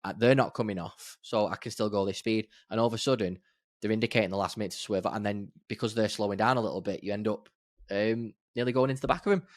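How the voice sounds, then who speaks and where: A man's voice: on the low side, fairly even intonation, fast, dry recording, clean studio sound. A man co-hosting a podcast in casual chat, easygoing and emphatic, with sarcastic outbursts. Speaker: podcast co-host.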